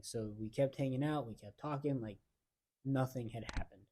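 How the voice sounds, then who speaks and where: A man's voice: medium pitch, fairly even intonation, a little fast, dark tone. A young man co-hosting a podcast, telling a personal story in slangy casual chat with acted-out quotes. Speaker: podcast co-host.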